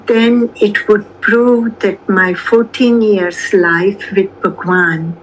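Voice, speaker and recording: An older woman answers an interviewer at an unhurried, deliberate pace, pausing between short phrases. Her voice sits in a middle pitch and stays calm throughout. A faint hum of ambience lies underneath. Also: rough recording. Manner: calm, measured, long pauses between phrases. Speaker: interview guest. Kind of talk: slow reflective conversation.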